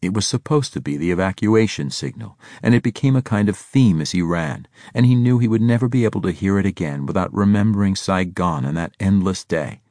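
A man reading an audiobook in a steady, measured storytelling manner. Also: low-pitched, no echo, clean studio sound. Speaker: audiobook narrator. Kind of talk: scripted narration.

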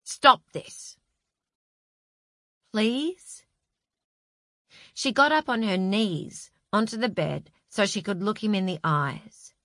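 A female audiobook narrator reads a novel aloud in a measured, even storytelling style. Her voice sits in the mid range, and the clean studio recording has no echo.

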